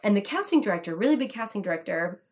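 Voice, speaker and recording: A young American woman, an actor, telling a story in casual chat, animated and laughing often as she acts out quotes. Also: medium pitch, fast talker. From United States. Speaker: podcast guest, actor.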